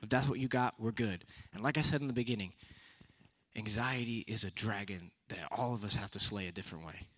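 A man's voice: lowish voice, brisk, fairly bright tone, slightly rough. A young man giving a casual youth sermon, conversational with punchy repeated exhortations. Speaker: youth speaker.

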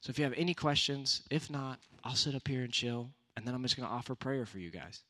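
A man's voice: medium pitch, fast, fairly bright tone. A young man giving a casual youth sermon, conversational with punchy repeated exhortations. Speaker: youth speaker.

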